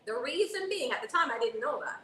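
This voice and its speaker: A woman in her forties co-hosting a casual panel chat, an animated storyteller who keeps checking in with "okay?". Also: high-pitched, brisk, roomy sound, low-quality recording. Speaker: co-host.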